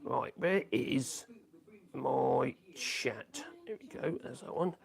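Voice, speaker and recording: Gravelly voice, mid-pitched, rambling live-stream chat, hums and chuckles, phone mic. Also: lively intonation, slow.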